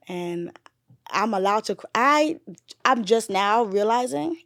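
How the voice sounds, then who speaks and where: A woman's voice: medium pitch, expressive, slow pace, no room sound, studio quality. A woman, a nurse and bereaved mother, retelling a painful memory in a candid podcast conversation. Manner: candid, swearing, drifts from loud retelling to quiet grief.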